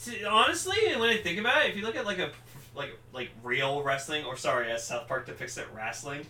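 A young man chatting casually on a podcast, excitable and full of fillers, acting out lines as he retells a story. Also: fairly high pitch, fairly quick, far from the mic, slight background noise. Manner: excitable, lots of fillers, acts out quotes loudly. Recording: echoey room, a little off mic.

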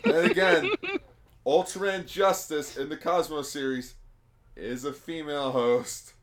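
A man's voice: a little high, steady tone, unhurried. A young man in casual podcast chat, making sardonic asides.

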